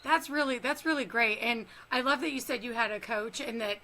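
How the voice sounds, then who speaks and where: A woman from California hosting an after-show interview, gushing and giggly like an excited fan. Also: fairly high pitch, fairly quick, a little hiss or hum, poor audio. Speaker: interview host.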